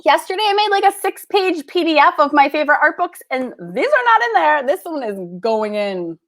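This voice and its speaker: A woman's voice: sits high, big pitch swings, fairly quick, fairly bright tone. A woman hosting a casual livestream, unboxing art books and gushing with gasps and laughs. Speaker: art school host.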